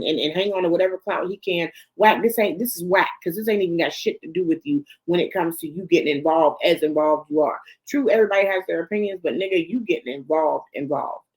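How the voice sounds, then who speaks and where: A woman hosting a celebrity gossip show, ranting bluntly and profanely, talking straight to the people she discusses. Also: on the low side. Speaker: host.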